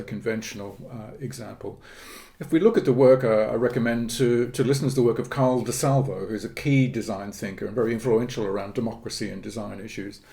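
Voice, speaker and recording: With a fairly low, gravelly, warm voice, a middle-aged politics professor explains ideas on a podcast interview. His delivery is measured and academic, with pauses full of fillers and phrases he starts over.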